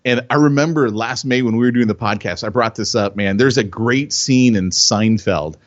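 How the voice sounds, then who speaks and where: A man co-hosting a podcast, telling stories in an excitable way, repeating himself and loudly acting out what people said. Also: medium pitch, normal speed, no echo, lo-fi sound. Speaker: podcast co-host. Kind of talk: animated storytelling chat.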